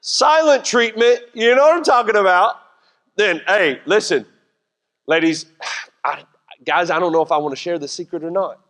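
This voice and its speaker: A middle-aged pastor with a drawl preaches in a loose, joking, conversational way, breaking into quick voiced asides. His voice sits high for a man. A long church reverb hangs behind his words. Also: a bit bright. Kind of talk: sermon. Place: church sanctuary.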